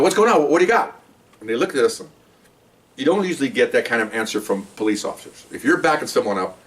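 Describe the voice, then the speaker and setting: A man's voice: lowish voice, far from the mic. A man, a former police officer, casually telling a long rambling story and acting out the voices of the people in it. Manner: rambling, animated storytelling with acted-out quotes and laughter.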